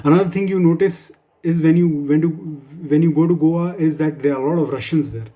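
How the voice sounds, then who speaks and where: Man, stand-up comic, mellow tone, slightly high voice, dry asides. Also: a little fast. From India. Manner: wry, dry humor with asides. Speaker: stand-up comedian. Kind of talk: stand-up comedy set for office colleagues.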